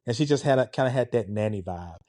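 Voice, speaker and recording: A man in his forties casually telling a story in an animated, conversational way. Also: mid-range voice, fast talker, dry recording, clean studio sound. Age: 40s. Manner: animated, conversational, with a laid-back, relaxed tone.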